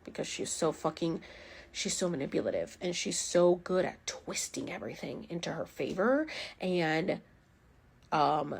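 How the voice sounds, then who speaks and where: A woman's voice: sits low, lively intonation, measured pace, vocal fry, slightly rough. A woman in her thirties telling her own story in a candid vlog, emotional and blunt, swearing freely. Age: 30s. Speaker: vlogger.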